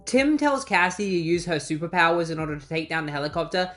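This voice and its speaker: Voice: medium pitch, fast, fairly bright tone, faint music behind. A comic book reviewer giving a casual recap with snarky, wry asides.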